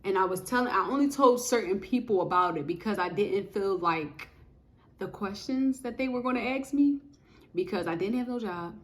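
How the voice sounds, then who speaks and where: A woman giving a casual spoken testimony of faith, telling her story in an animated, emphatic way with lots of repetition. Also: medium pitch, normal speed.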